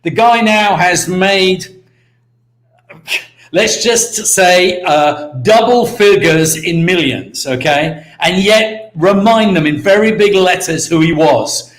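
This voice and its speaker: A British man giving an energetic motivational talk on a live stream, repeating key words and calling out to viewers by name. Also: high-pitched, slow, reverberant. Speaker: network marketing mentor hosting a live stream.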